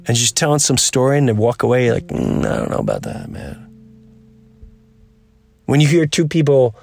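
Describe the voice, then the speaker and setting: A man hosting a podcast, talking in an earnest, rambling way and acting out the people he quotes. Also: mid-range voice. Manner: acts out quoted voices. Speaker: podcast host. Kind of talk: casual monologue.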